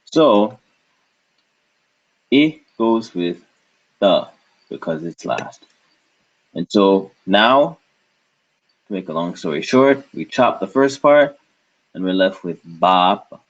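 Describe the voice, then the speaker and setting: A man's voice: deep voice, lively intonation, slow pace, long pauses. A man teaching a language lesson, patiently breaking words into syllables and repeating them. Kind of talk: slow step-by-step lesson. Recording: dull lo-fi recording.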